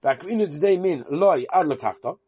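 A man's voice: a little high, animated, moderate pace, a little mellow, breathy edge, dry recording, studio quality. A man teaching Talmud in Yeshivish English with a Yiddish lilt, chanting the text in sing-song and then explaining it. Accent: Yiddish-inflected Yeshivish English. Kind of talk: chanting and translating a Talmud lesson.

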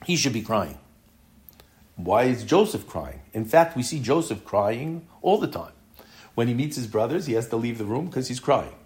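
A man teaching a classroom Torah lesson, explaining earnestly through rhetorical questions and often dropping to a low, intense voice. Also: lively intonation, normal speed, darkish tone.

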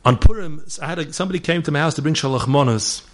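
A man's voice: on the high side, rapid-fire. A middle-aged man giving a holiday sermon, telling stories and sprinkling Yiddish and Hebrew words into his English. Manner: storyteller mixing Yiddish and Hebrew words into English, voicing people in his tales. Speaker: rabbi giving a holiday talk. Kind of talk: sermon with storytelling.

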